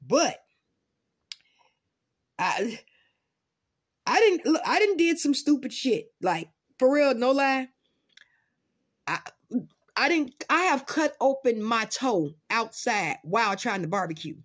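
A woman vlogging in casual commentary, profane and dramatic, swinging between loud outbursts and low muttering. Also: lively intonation, takes it slowly, pauses often. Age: adult parent.

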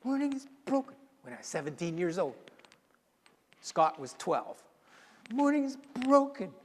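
Male pastor, sermon, high voice, storytelling with hushed dramatic drops, echoing hall. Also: very animated, moderate pace. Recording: long reverb in a large hall.

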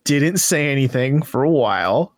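A man's voice: medium pitch, lively intonation, moderate pace, no echo, studio quality. A man hosting a casual gaming podcast, chatting wryly with his co-hosts. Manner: conversational, wry, drifts into mock quotes. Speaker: podcast host.

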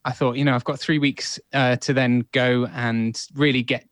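A man's voice: medium pitch, moderate pace, dry recording. Guy chatting easy with lots of ums, dry close mic, mid voice. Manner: relaxed and chatty, with many fillers. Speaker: actor and app co-founder, guest. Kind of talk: casual storytelling in a podcast conversation.

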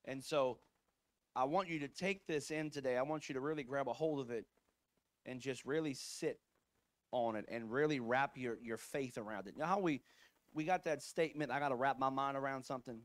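A man's voice: mid-range voice, brisk, no room sound. A man preaching a sermon as pastor, telling a story in a casual, conversational way with frequent asides. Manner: conversational storytelling, fillers like "like" and "right?".

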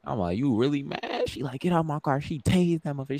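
Fast-talking and on the high side, a young man co-hosts a podcast in a recording with no echo. His casual storytelling is profane and lively, and he performs the lines of the people in his tales.

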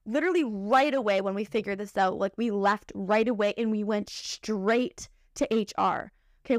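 A young woman hosting a podcast, telling a personal story in an animated, emotional, profane way. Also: a little high, no room sound, studio quality. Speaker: podcast host.

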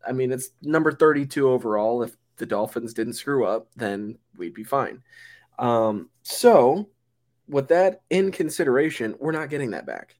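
A man's voice: medium pitch, expressive, moderate pace, a little mellow. A young man co-hosting a football podcast, chatting casually and rambling with many fillers and restarts. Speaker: podcast co-host. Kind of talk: casual sports chat.

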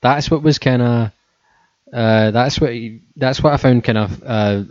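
A man's voice: medium pitch, unhurried, darkish tone, smooth, no room sound. A man in casual chat, rambling and joking with a lot of swearing. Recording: muffled, lo-fi, dry.

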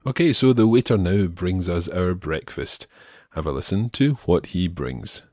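A man hosting a language lesson, repeating model phrases slowly and explaining them patiently. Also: low-pitched, expressive, a little mellow, dry recording, studio quality. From Scotland. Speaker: language teacher and podcast host.

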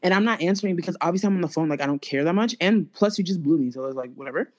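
A young woman, hosting a podcast and telling a story to a friend in a casual, animated, slangy way, full of "like". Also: on the low side, very fast. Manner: animated and slangy, filler-heavy with lots of "like". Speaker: podcast host.

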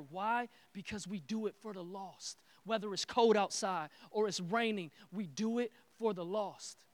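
A man preaching a sermon with energetic, repetitive call-and-response phrasing. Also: high voice, moderate pace, few pauses, no room sound. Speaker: pastor.

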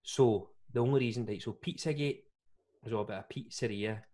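A Scottish man with a lowish voice, co-hosting a casual podcast. He rambles and gets animated, then trails off into mumbles. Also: brisk. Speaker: podcast co-host. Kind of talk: casual chat.

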